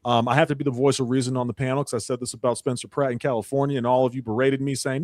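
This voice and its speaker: A man's voice: mid-range voice, level tone, racing, a little mellow, no echo. A man hosting a political commentary panel, emphatic and preachy, with a mocking edge. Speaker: panel host.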